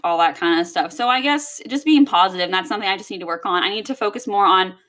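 Bright-voiced young woman venting. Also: mid-range voice, fast talker. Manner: rambling and heavy on swearing. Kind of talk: casual venting monologue.

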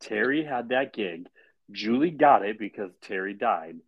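A man co-hosts a podcast, retelling a TV episode with dry, wry asides in a relaxed, conversational way. His voice sits fairly low for a man. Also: a little slow, slightly rough, lo-fi sound. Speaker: podcast co-host. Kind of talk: casual chat recapping a TV episode.

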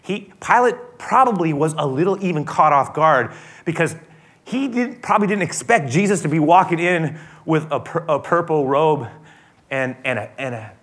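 A male pastor preaching a sermon in an animated, storytelling way with frequent restarts. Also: fairly high pitch, moderate pace.

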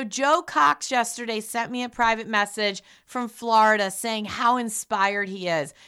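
Bright, high-pitched woman giving a pep talk. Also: smooth. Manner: upbeat, emphatic, pep-talk delivery. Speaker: radio show host. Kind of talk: motivational talk.

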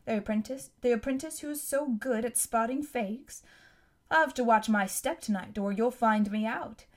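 A woman reading aloud, voicing a kindly middle-aged male explorer with a gently teasing manner. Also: a little high, normal speed, lightly acted.

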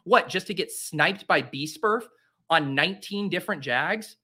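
A man's voice: fairly high pitch, lively intonation, measured pace, pushed and bright, slightly rough. A man in his late twenties, a podcast host from the Boston area, giving casual live commentary, rambling, joking and breaking into theatrical, self-pitying rants.

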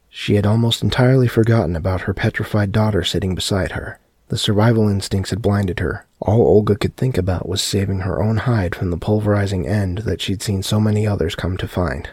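A man narrating a dark horror story in a steady audiobook reading. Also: on the low side, breathy edge, no room sound, clean studio sound.

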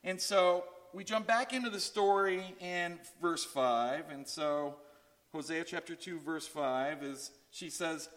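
A man delivers a sermon in a slightly raised voice. He tells a story and acts out each person's lines, rising high for the excited parts and dropping low for the heavy ones. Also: takes it slowly. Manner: storytelling with acted-out voices, animated swings in pitch. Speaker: pastor.

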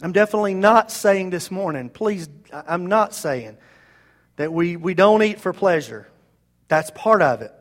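Man, pastor, sermon, high-pitched voice, conversational, emphatic, speaks straight to the congregation. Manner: conversational, emphatic preaching with direct appeals to the congregation.

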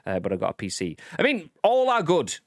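A man's voice: on the high side, huge pitch swings, brisk, dry recording, studio quality. A young man co-hosting a live stream, reading out chat and bantering in a rambling, playful way.

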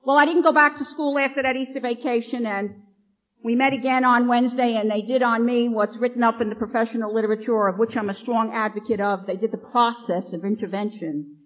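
A woman's voice: fairly high pitch, fairly quick. Nun telling her story, lo-fi tape. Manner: lively storyteller, acts out quoted lines. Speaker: nun speaking at a recovery meeting. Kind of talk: personal recovery talk to an audience. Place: meeting hall, addressing an audience. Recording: dull lo-fi archival recording.

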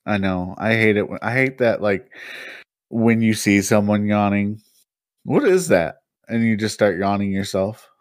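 A man's voice: on the low side, a little slow, no echo, studio quality. A young man co-hosting a podcast in casual chat, teasing and constantly interrupting. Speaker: podcast co-host.

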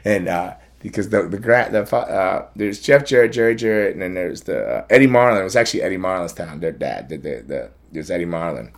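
Rambling low-voiced man telling stories. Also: animated, a little fast, few pauses. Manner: rambling, restarts often, laughs through stories. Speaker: podcast host. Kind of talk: casual storytelling chat.

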